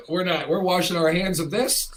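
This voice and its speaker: A transgender talk-show host with a lowish voice speaks unhurriedly on a rough recording. Frank and fired up in casual conversation, she keeps arguing through rhetorical questions.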